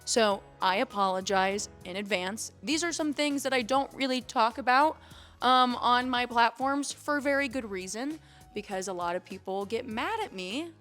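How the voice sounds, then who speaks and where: A woman's voice: on the high side, normal speed, fairly bright tone, soft background music. Emotional young woman telling a vlog story. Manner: candid and emotional, swearing casually, acting out quotes. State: close to tears. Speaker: streamer and vlogger.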